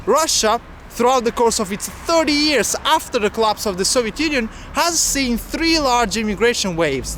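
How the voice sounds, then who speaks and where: Strolling city streets with the camera, a man narrates his travel vlog in a high-pitched, fairly bright voice, chatting and sharing facts about the place. A bit of background noise is audible.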